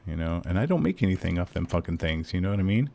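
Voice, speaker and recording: A man's voice: deep voice, big pitch swings, fast, gravelly, a little mellow. A man streaming a game, chatting casually and ranting with lots of swearing and fillers. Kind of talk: casual live-stream chat.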